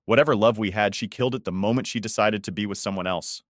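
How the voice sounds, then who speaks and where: A man narrating a first-person story in a measured, restrained and cold manner. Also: on the low side, dry recording, studio quality.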